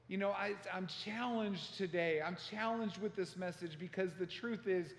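A man preaching a sermon as pastor, telling a story with passion and acting out shouted quotes. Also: sits high, fairly even intonation, fairly quick, few pauses. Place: church sanctuary. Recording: echoey church hall.

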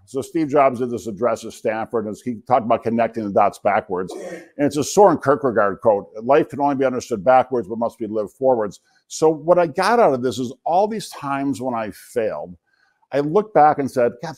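A man's voice: medium pitch, a little mellow. A man in his sixties, a physician and entrepreneur, giving a keynote talk full of funny, self-deprecating stories. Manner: self-deprecating, anecdotal, joking asides. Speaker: guest speaker, physician and entrepreneur. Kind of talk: humorous keynote storytelling.

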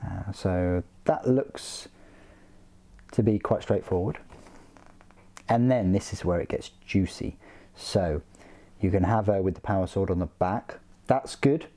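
A man's voice: deep voice, a little slow, long pauses, warm tone. A man hosting a casual hobby unboxing, talking in a chatty, joking way with frequent ums and uhs. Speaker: hobby channel host.

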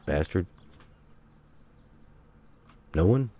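A man giving excitable commentary while playing a survival game, taunting enemies and breaking into sudden loud outbursts. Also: deep voice, extremely slow, a little hiss or hum. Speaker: gameplay streamer. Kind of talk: let's play commentary.

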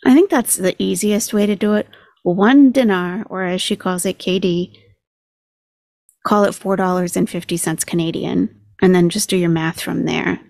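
A woman's voice: fairly low pitch, moderate pace, creaky, a little mellow, no room sound. A woman hosting a commentary channel, chatting casually and sarcastically as she talks numbers through aloud.

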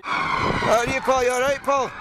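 A man doing a bumbling figure in a deliberately poor put-on Glaswegian accent, chatting confusedly in a comedy clip. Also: very high voice, flat delivery, very noisy, pitched above the performer's own voice. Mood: muddled.

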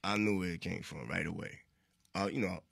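A man tells his story as an interview guest, loose and profane, voicing the people he quotes. His voice sits low but cuts through with a bright, forceful edge. The sound is close and dry. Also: fairly even intonation, a little fast, creaky, breathy edge, no echo. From Queensbridge, New York.

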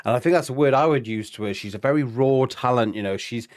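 A man's voice: mid-range voice, fast, darkish tone, no room sound, studio quality. Blunt British man hosting reactions. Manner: blunt, chatty, swears freely. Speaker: reaction video co-host. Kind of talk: casual reaction chat.

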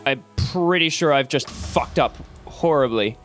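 A woman playing a video game and commentating, excitable, swearing and shrieking. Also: extremely low pitch, a little slow. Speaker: gamer. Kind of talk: let's play commentary. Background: game music.

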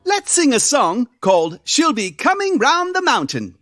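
A woman voicing a cheerful male frog who leads young children in a sing-along, slow and teacherly. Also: high-pitched, big pitch swings, fairly bright tone, exaggerated voice. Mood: cheery. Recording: with backing banjo music.

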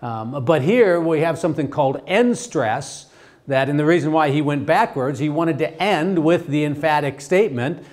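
A man teaching a theology class, talking in a halting way with many restarts and fillers and asking the class questions. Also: a little high, a little mellow. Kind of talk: classroom lecture.

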